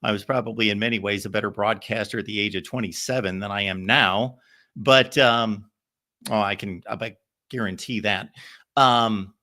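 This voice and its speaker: A man's voice: on the low side, bright, forceful tone. A man hosting a call-in show, telling rambling, anecdotal stories full of fillers and restarts. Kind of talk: casual storytelling.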